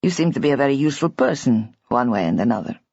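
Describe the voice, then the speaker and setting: A woman reading an audiobook, voicing a gruff, agitated young man who scolds and then softens. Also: a bass voice, expressive, fast talker, no room sound, voice pushed down, exaggerated voice. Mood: sheepish. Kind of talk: audiobook character voice. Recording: dull, dry audiobook recording.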